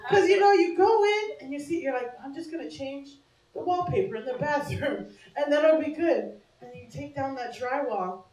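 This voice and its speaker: Brash high-voiced woman doing stand-up. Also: expressive, moderate pace, darkish tone, far from the mic. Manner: brash, conversational, laughs at her own jokes. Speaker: stand-up comedian. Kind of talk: stand-up set. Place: small comedy bar stage. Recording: echoey bar room with laughing crowd. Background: audience laughter.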